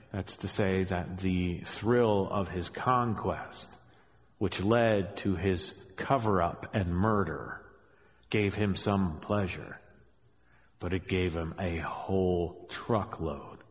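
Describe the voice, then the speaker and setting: A middle-aged man preaching a sermon as a pastor, animated, with joking asides, swinging between hushed and raised delivery. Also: deep voice, slow pace. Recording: long hall reverb.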